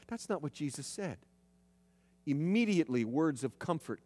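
Man preaching, story-driven sermon, fairly high voice, long church echo. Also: animated, darkish tone. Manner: conversational storytelling, dramatic slowdowns. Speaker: pastor. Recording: long reverb of a large hall.

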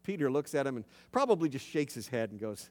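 Storytelling preacher in a reverberant hall. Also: male voice, medium pitch, big pitch swings, a little mellow. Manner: conversational storytelling, dramatic slowdowns. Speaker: pastor. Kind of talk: sermon. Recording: long reverb of a large hall.

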